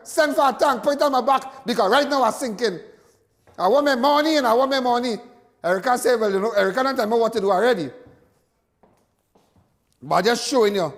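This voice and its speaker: High-voiced Trinidadian man, preaching. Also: in a large hall. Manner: folksy, preaching, repeats phrases. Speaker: talk show host. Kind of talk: animated live commentary.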